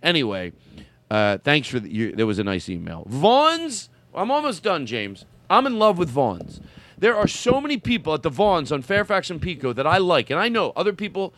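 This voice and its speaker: A man's voice: a little high, wildly swooping pitch, moderate pace, fairly bright tone. A man hosting a comedy podcast in casual chat, rambling, laughing and interrupting himself. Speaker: podcast host.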